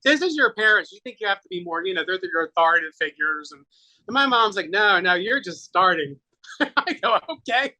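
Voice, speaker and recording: A middle-aged man, a guest on an interview show, chatting casually and telling animated stories, acting out what people said with laughs. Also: high voice, quick pace, low-quality recording. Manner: animated storyteller, acts out quotes with laughs. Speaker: guest, makeover artist and singer.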